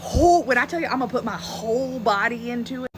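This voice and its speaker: A woman with a Southern Alabama accent chats straight to camera in a folksy, emphatic way. Her voice sits a little high, with a faint hiss of background noise behind it. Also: lively intonation, fast. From Alabama, USA. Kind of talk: casual vlog commentary.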